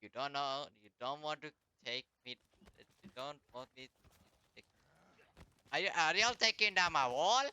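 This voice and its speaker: A man's voice: a little high, normal speed, pauses often, pushed and bright, smooth, dry recording. A man streaming a live game, commenting as he plays, taunting enemies in a mock-polite way and swearing often.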